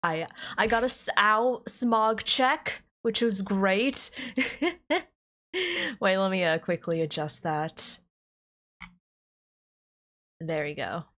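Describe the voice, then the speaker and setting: A woman's voice: medium pitch, lively intonation, slow pace, long pauses, slight background noise. A woman, streaming live and chatting casually with her viewers, bubbly and giggly. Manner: bubbly, giggly, greets chat warmly.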